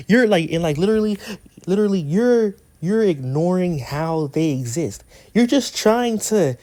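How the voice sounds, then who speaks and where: A man's voice: high voice, warm tone. A man speaks straight to his viewers in an angry, aggrieved monologue. He stacks up rhetorical questions and says lines twice, stumbling over restarts when he gets worked up. Frequent swearing adds an edge to his frustration. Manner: restarts and repeats phrases while worked up. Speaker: YouTuber addressing his community. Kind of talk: heated monologue rant.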